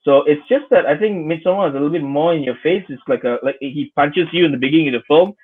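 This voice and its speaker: A man's voice: fairly high pitch, quick pace, husky. Malaysian guy rambling about films, lots of uh and repeats, sounds like a phone line. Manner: hesitant, with many fillers and repeated words. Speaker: podcast co-host. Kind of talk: casual live-stream chat about films. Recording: tinny phone-like online call.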